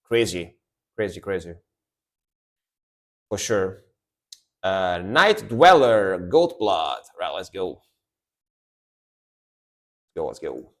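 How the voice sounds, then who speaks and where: A man's voice: low voice, big pitch swings, slow, long pauses, fairly bright tone. A man, chatting casually and rambling as he reacts to music on a live stream. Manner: chatty, rambling, lots of fillers.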